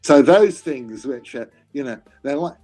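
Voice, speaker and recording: A man's voice: mid-range voice, animated, unhurried, warm tone, soft background music. An older man, a classics scholar, speaking in a conversational interview with many restarts and a dry, self-mocking humor.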